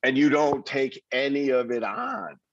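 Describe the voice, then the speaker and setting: A man being interviewed, giving conversational advice in an animated way, acting out what other people might say. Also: medium pitch, a little slow, no echo, lo-fi sound. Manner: animated, acts out quoted reactions, repeats words. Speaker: interview guest.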